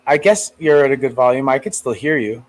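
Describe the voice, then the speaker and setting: A man's voice: medium pitch, lively intonation, a little fast, low-quality recording. A man co-hosting a casual podcast, joking crudely and laughing often. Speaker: podcast co-host. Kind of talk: casual chat.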